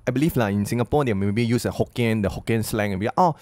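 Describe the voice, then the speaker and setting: A man with a Malaysian English accent talks in a halting way, stopping to search for his words. His English is broken. He is recorded close and dry. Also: fairly low pitch, darkish tone, dry recording. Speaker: podcast co-host. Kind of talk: casual chat.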